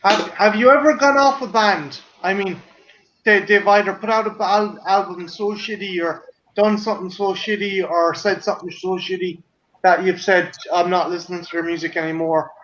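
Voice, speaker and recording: A man with a high-pitched voice chats loosely with friends, cursing casually and tripping over his own words. The sound is dull and lo-fi, as over a video call. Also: normal speed, fairly bright tone. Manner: swears casually, stumbles and repeats words. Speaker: guest on a video call chat.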